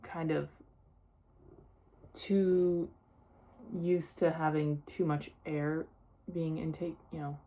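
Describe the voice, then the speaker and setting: A woman's voice: sits low, flat delivery, slow pace, long pauses, mellow. A young woman talking casually in a personal vlog, sharing her experience with many "like" fillers. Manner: chatty, lots of "like" fillers. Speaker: vlogger.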